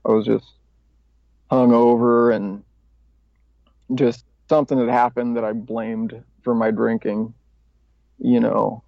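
A man's voice: mid-range voice, flat delivery, takes it slowly, pauses often, no room sound. A man guest on a podcast, candidly telling his recovery story in a rambling, casual way with swearing and self-mocking laughs. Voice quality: gravelly. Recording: dry, slightly dull podcast audio.

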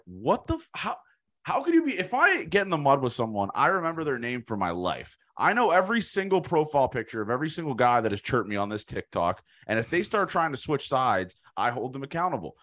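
Male co-host, throat shot and hoarse, animated swings in pitch, rants fast and laughs off his own stories. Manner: excitable, laughing, profane ranting. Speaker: podcast co-host. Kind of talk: casual chat.

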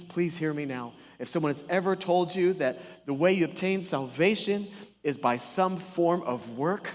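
A man's voice: high-pitched, a bit bright, long reverb tail. A male pastor preaching a sermon with emphatic call-and-response questions and joking asides, sounding a little sick. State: sick, voice strained. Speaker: senior pastor. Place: church auditorium stage.

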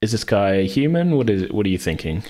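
Brief: low-pitched male game master, halting and chuckly, on a voice call. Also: sing-song, darkish tone. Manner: hesitant, with frequent laughs and restarts. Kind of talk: planning a tabletop role-playing campaign. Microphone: online voice call.

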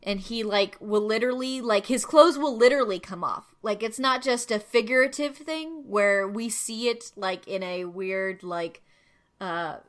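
A woman's voice: medium pitch, a little slow. A woman hosting a casual chat, explaining at length with many fillers. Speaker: host.

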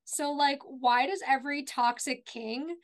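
Woman podcast co-host, high bright pitch, casual, walks through scenes one by one. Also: unhurried. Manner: retells scenes step by step, casual. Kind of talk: casual recap chat.

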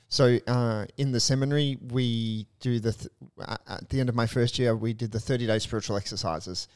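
A young adult male priest in casual faith discussion, earnest and animated, telling stories with a touch of humor. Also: medium pitch, brisk, hardly any pauses, smooth. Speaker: Catholic priest, co-host.

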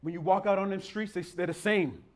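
A man preaching a sermon in a rhythmic, repetitive cadence, building to near-shouts. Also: sits high, brisk.

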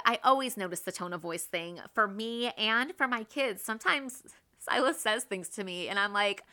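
A woman in her thirties hosting a casual, faith-based parenting talk, earnest and quick to act out her own everyday examples. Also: medium pitch, pushed and bright. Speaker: podcast host and mother.

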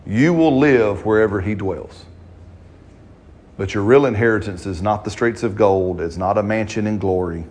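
A man's voice: lowish voice, darkish tone. A man preaching a sermon in church, stretching out scripture lines and punctuating them with amens. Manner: fervent preaching, slow drawn-out stress on scripture, frequent amens. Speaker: pastor. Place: church service.

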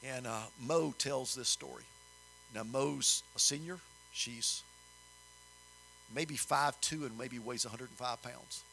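An older man telling a story in a sermon, folksy and animated, rising in emphasis. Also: mid-range voice, slow, creaky, slight background noise, rough recording. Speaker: preacher.

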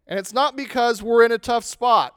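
A man preaching a sermon as pastor, stressing points loudly and letting phrases fall away quietly. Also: very high-pitched, moderate pace, clean tone, dry recording, studio quality. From United States. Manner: emphatic, swings between loud stress and quiet endings.

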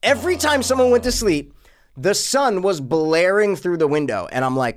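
A man co-hosts a casual film review chat. His voice sits a little high and jumps around a lot. He swears freely and reacts in a big, exaggerated way. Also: expressive, moderate pace. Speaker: podcast co-host reviewing a film.

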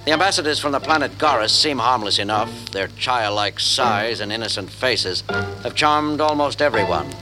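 A man's voice: mid-range voice, expressive, moderate pace, close to an everyday voice. A man doing an earnest starship captain. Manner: formal, courteous narration. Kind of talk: captain's log narration and dialogue. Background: music.

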